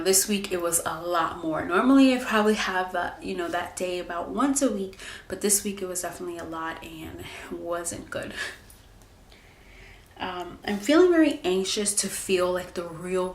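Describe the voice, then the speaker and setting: A woman's voice: fairly low pitch, a bit bright, a little hiss or hum. A woman in her twenties chatting candidly in a casual vlog, full of likes and ums. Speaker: vlogger. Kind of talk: casual pregnancy update vlog. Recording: echoey room with faint ambience.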